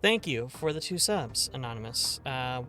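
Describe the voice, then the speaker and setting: A man's voice: medium pitch, expressive, moderate pace, sharp tone, faint music behind. A man streaming a game live, chatting casually and jokingly and greeting viewers as "darling".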